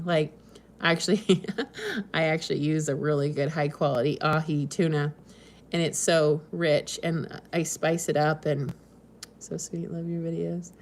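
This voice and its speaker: A woman's voice: sits low, fairly even intonation, measured pace. A woman from the West Coast hosting a casual live stream, chatting and reading viewer comments in a meandering way with frequent ums and small laughs. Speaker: homesteading channel host.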